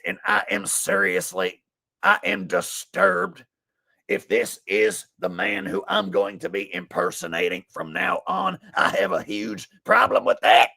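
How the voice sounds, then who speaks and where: Male commentary vlogger, profane exasperated rant, very lively pitch, dry close sound. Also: gravelly, breathy edge, no echo. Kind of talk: ranting commentary.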